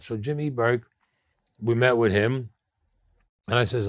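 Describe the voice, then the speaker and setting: An older man with a thick New York accent spins blunt, streetwise stories, now and then slipping into the voices of the people in them. His voice sits at an ordinary middle pitch, and the sound is very dry and close, with no room around it. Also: moderate pace, pauses often, no room sound. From Brooklyn, New York. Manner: blunt, streetwise storyteller who acts out quoted people. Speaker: interview guest. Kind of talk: storytelling interview.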